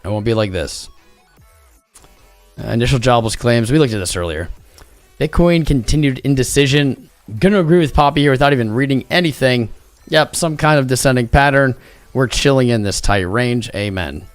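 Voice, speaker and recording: A man's voice: mid-range voice, lively intonation, normal speed, no echo, faint music behind. A tired man hosting a livestream, chatting casually in a rambling, jokey way. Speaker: crypto livestream host.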